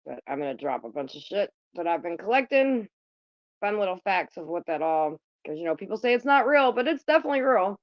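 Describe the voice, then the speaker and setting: Casting: woman host, lively swooping voice, blunt and profane, casual chat, dry dull phone sound. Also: medium pitch, brisk, dry recording. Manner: blunt and profane, chatting with viewers. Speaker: livestream host.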